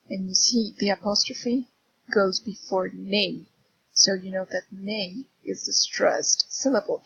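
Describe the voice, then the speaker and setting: A woman teaching English pronunciation in a slow, careful lesson, saying each word clearly and repeating it. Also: mid-range voice, fairly even intonation, dry recording, muffled recording.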